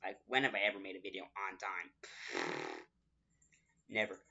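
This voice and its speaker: A man's voice: low-pitched, fairly even intonation, moderate pace, sharp tone. A young man hosting a casual vlog update. He rambles and apologizes, repeating himself, and he has the hiccups. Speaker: channel host. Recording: dull lo-fi recording.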